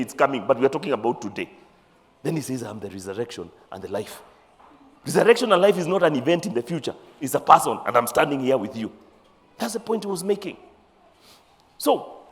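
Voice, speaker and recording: A Kenyan pastor preaching a sermon, animated and then dropping to quiet, earnest passages. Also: male voice, on the high side. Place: church. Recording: reverberant church hall.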